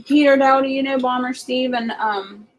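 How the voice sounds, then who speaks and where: A woman's voice: sits high, steady tone, normal speed, low-quality recording. A woman with a Southern US accent, casually chatting on a livestream and reading out viewer comments as she rambles along.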